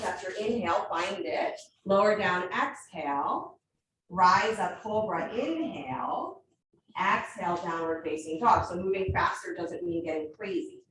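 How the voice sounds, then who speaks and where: A woman teaching a live yoga class, calling out poses and breath cues in brisk steps with frequent encouragement. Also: medium pitch, fairly bright tone, slight background noise. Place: yoga studio. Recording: echoey room, mic far off.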